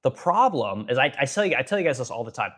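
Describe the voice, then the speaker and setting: A man's voice: medium pitch, big pitch swings, fast, a bit bright. A man hosting a live stream, ranting bluntly and profanely about the economy and reading viewer comments, with rambling asides to his audience. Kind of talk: casual political rant on a live stream.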